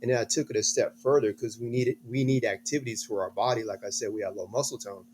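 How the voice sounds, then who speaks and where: Middle-aged guy, kinda hoarse voice, earnest storyteller, ordinary pitch, restarts a lot. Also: fairly even intonation, quick pace, a little mellow, slight background noise. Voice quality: slightly hoarse. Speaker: guest, a father. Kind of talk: interview storytelling.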